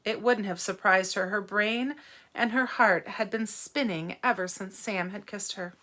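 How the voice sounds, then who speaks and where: Woman, read-aloud for kids, gentle questions, teacherly, bright tone. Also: mid-range voice, measured pace. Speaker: read-aloud narrator for children.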